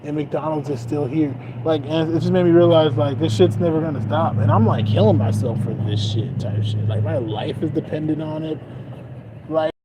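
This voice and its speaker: Speaking at a moderate pace in a slightly high voice, a young man streams outdoors by a trafficked street. It's a casual, meandering monologue, crude and filler-heavy, often broken by laughter.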